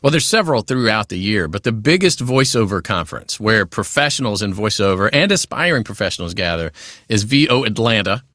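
A man, a voice actor guest in a casual interview, giving advice in a chatty, animated way with many asides. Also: lowish voice, a little fast, dry recording, clean studio sound.

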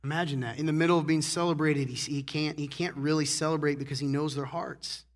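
A man preaching a sermon to his congregation in a casual, conversational way, often asking "right?" and swinging from hushed asides to loud emphasis. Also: on the high side, fairly even intonation, fairly quick. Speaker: pastor. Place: church sanctuary.

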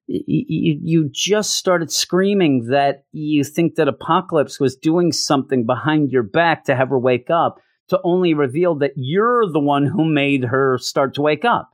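A comic book podcast host recaps an issue casually, his voice on the high side, a little slow, and lively in intonation. His commentary is sarcastic and rambling, with frequent stammered restarts. The recording is studio quality with no room sound.

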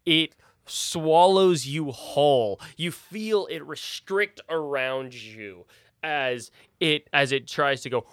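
A man's voice: on the high side, takes it slowly, a bit bright, clear, resonant tone, no echo, studio quality. A man narrating a tabletop game as game master, hesitant and full of fillers. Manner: hesitant, lots of uh and um.

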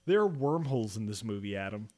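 A man's voice: lowish voice, very animated, fast talker, a little mellow. Laid-back, swearing male podcast co-host. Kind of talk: casual film-discussion chat.

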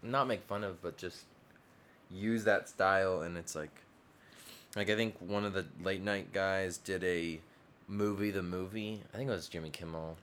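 A young adult man in casual conversation, relaxed and agreeable, often trailing off. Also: low-pitched, normal speed, slight background noise. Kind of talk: casual chat.

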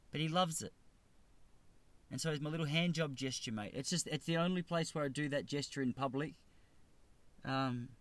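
A man's voice: fairly high pitch, a bit bright, no room sound. An Australian man in his thirties telling a rambling, self-deprecating comedic story as a podcast host. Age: 30s. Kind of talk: comedic monologue.

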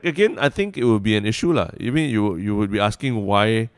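A young man with a Singaporean English accent, co-hosting a casual podcast discussion in a measured, thoughtful way. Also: lowish voice, lively intonation, no room sound, studio quality. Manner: measured, thoughtful, many restarts. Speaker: podcast co-host.

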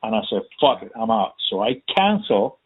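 A man with a husky voice tells a story in casual chat, cursing freely and playing out the lines of the people in it. The sound is thin and tinny, like a phone line. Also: on the low side, normal speed. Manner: profane, animated, acts out quotes.

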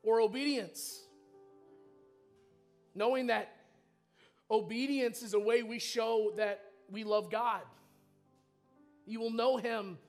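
A man's voice: high voice, slow, long pauses, faint music behind. A male pastor preaching a sermon in a church, telling a personal story with feeling. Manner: storytelling, emotional, animated. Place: church sanctuary.

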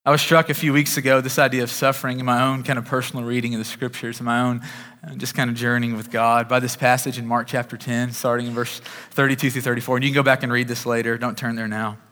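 A man's voice: medium pitch, level tone, fast talker, sharp tone. A male pastor preaching a sermon in a conversational way, often restarting his sentences. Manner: conversational, with frequent repeated starts. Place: church sanctuary. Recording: long reverb of a large hall.

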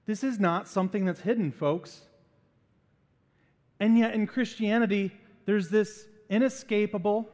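Animated male pastor in a reverberant hall. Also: sits high. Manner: animated, acts out voices to make a point. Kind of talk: sermon.

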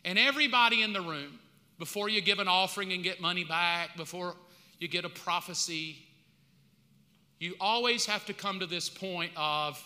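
A man's voice: sits high, moderate pace, bright, forceful tone. A man from the United States preaching a sermon as pastor, in a casual, colloquial way with slang asides. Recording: long reverb of a large hall.

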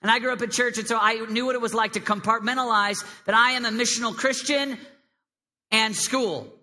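A man preaching a lively sermon to a young congregation, with a high, squeaky voice, swinging between loud emphasis and hushed prayer. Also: brisk. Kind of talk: live sermon to a youth congregation. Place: large hall with a live crowd. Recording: long hall reverb.

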